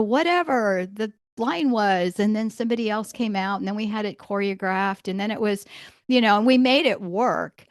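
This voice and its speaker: In a clean, dry studio recording, a middle-aged podcast host with a medium-pitched voice chats casually with her interview guest. She tells her stories with plenty of laughter, performing the voices of anyone she quotes.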